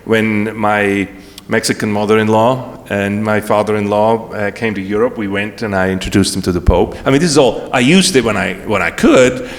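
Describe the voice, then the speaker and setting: A man's voice: fairly low pitch, moderate pace. A man giving a talk as guest speaker, telling a personal story with emotion and frequent restarts. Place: large event hall. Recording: long hall reverb.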